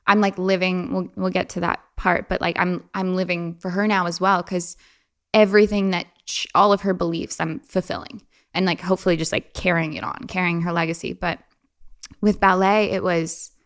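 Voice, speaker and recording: A young woman talks at a moderate pace as a relaxed interview guest, lively and chatty. She often switches to a playful high voice for quotations.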